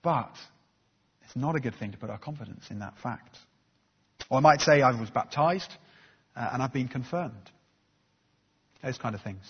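A man's voice: mid-range voice, expressive, moderate pace, pauses often, breathy edge. A man preaching a sermon in a conversational, self-deprecating way, with many fillers. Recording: dull sound with long reverb.

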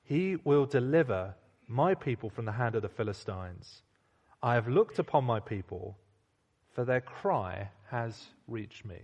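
A man's voice: mid-range voice, lively intonation, measured pace, a little mellow. A man preaching a sermon in a conversational way, asking rhetorical questions and sometimes restarting his sentences. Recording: long hall reverb.

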